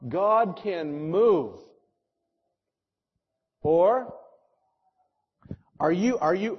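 A male pastor preaching an impassioned sermon that moves between loud, urgent exhortation and quiet, earnest prayer. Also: high-pitched, animated, drawn-out words, pauses often, husky. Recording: dull lo-fi sermon recording.

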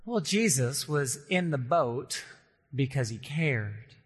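A man's voice: mid-range voice, expressive, breathy edge. Earnest preacher man in a reverberant hall. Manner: earnest, slows down for emphasis, acts out quoted voices. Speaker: pastor. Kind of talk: sermon.

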